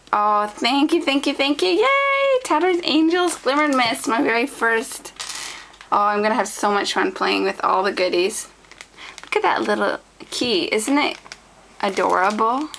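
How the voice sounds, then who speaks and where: Bright-voiced woman gushing over craft supplies, slow easy talk, faint hiss and paper crinkles behind. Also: medium pitch, gravelly, poor audio. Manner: gushing, excited, addresses viewers as guys. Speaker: scrapbooking vlogger. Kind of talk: casual unboxing chat.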